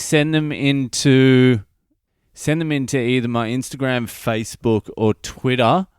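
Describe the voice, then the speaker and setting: A man's voice: mid-range voice, clear, resonant tone, no room sound, studio quality. A middle-aged Australian man hosting a comedy podcast, telling a listener's story in a sweary, wry monologue.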